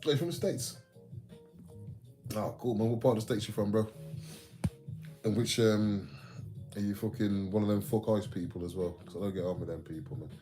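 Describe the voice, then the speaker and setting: A man's voice: on the low side, moderate pace, long pauses, dark tone, rough recording. A man from England, bantering with viewers on a casual livestream in sweary, slangy chat. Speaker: livestream host. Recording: music playing behind the voice.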